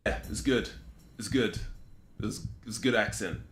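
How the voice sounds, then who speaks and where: A man with a British accent playing a customer and driver in a comedy skit, answering in flat, patient replies. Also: lowish voice, a little slow. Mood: plain. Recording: roomy, music behind.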